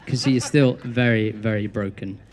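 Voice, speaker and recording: A man's voice: lowish voice, fairly even intonation, normal speed, a little mellow, a faint crowd. A young man giving a best man's wedding speech, telling a teasing story with dry punchlines.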